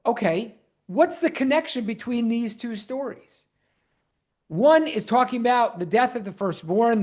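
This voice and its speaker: Rabbi guy teaching scripture online, fairly high voice, keeps asking the audience questions. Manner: animated, quizzes the audience. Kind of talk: online Bible class.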